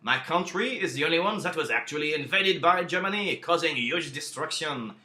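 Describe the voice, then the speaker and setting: A man's voice: fairly high pitch, animated, normal speed, roomy sound, voice pushed up. A man doing a vengeful statesman. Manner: loud, insistent, clumsy imitation. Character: French premier, bitter and vengeful older man.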